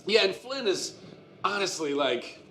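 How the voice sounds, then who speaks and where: An American man in his forties, an animated storyteller who laughs often and restarts his sentences, talking as a guest on a live convention stage. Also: high-pitched, unhurried, a little hiss or hum. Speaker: guest actor. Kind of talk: casual stage interview.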